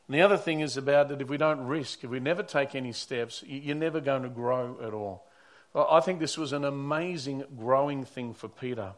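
A man who is a pastor preaching a sermon, telling stories earnestly and often repeating or restarting his words. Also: medium pitch.

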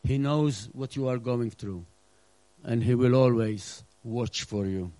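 A middle-aged male pastor preaching a sermon with earnest emphasis, now and then acting out scenes and dropping to a hush. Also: mid-range voice, takes it slowly, no room sound, rough recording. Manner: earnest preaching with acted-out asides, drops to a hush.

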